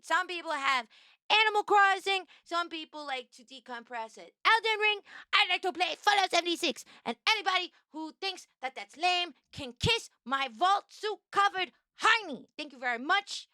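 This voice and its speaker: A young woman streaming casual chat, bubbly and playfully teasing, jumping up high to greet viewers. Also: bright, forceful tone, no room sound, clean studio sound. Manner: bubbly, greets chatters with high-pitched squeals.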